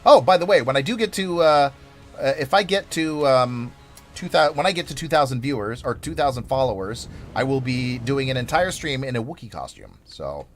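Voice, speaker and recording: Man, game streamer, casual rambling chat, lively pitch, faint music behind. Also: moderate pace. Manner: rambling, filler-heavy, playful, self-described over the top.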